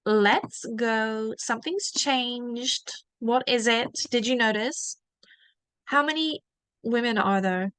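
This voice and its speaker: A woman teaching a beginner French lesson, modelling each word slowly and asking learners to repeat it. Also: fairly high pitch, a bit bright, smooth, no room sound. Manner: slow, drawn-out modelling of each word for repetition.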